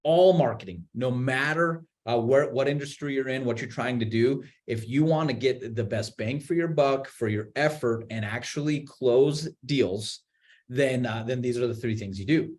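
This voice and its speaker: Animated man explaining marketing. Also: mid-range voice, moderate pace. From Utah. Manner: animated, many restarts and repeated words. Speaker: marketing executive guest. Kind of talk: webinar interview, explaining.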